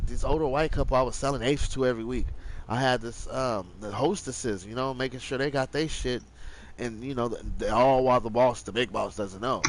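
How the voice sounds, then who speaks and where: A man's voice: medium pitch, a little hiss or hum, low-quality recording. Slangy, rambling young man telling stories. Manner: slangy, profane, rambling, acts out quotes. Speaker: live streamer. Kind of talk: casual storytelling.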